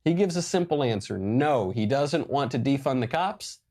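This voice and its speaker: A man's voice: mid-range voice, normal speed. A man giving emphatic, sarcastic political commentary over news clips. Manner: emphatic, sarcastic, lively delivery.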